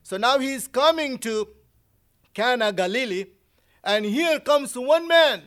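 A male preacher delivering a sermon, emphatic and lively, acting out the people he talks about. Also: very high voice, a little slow. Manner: animated, acts out quotes, emphatic.

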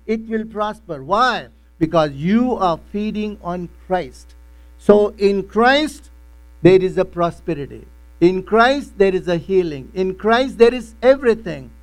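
Pastor, male, high voice, emphatic repetitive preaching. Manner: emphatic preaching with repeated phrases. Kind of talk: sermon.

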